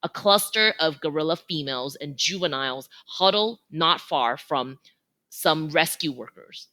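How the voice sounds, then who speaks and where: A woman reads a children's novel aloud with an expressive, animated delivery. Her voice is bright and lively, rising and falling freely, set in a fairly low register. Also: unhurried. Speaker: reader.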